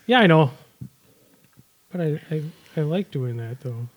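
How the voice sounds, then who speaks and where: A man's voice: on the high side, expressive, a little slow. A man co-hosting a podcast in casual chat, joking and complaining. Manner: joking, complaining, sings along. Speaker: podcast co-host.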